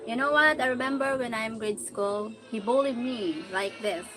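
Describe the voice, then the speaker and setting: A woman's voice: on the high side, moderate pace, a bit bright. A woman with a Filipino accent chatting casually on a live stream, playful and teasing as she answers viewers' comments. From Philippines. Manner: playful, teasing, mixes Tagalog into English. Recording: clear background noise.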